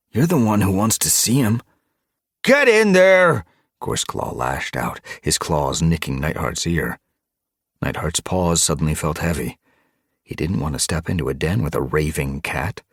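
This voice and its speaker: Very deep, husky male narrator. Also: no room sound, clean studio sound. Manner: expressive dramatic storytelling. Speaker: audiobook narrator. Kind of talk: scripted narration.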